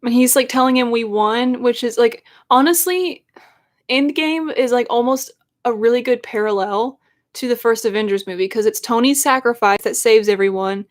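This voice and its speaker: A woman's voice: a little high, normal speed. A young adult woman who is a YouTuber, chatting casually and emotionally on a live stream in a rambling way. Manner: emotional, rambling fan talk.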